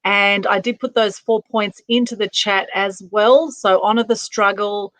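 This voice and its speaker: A woman's voice: mid-range voice, steady tone, unhurried, fairly bright tone, no room sound. A woman hosting an online summit, effusively thanking and praising her guest. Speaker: summit host. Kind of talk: live online interview. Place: online video call.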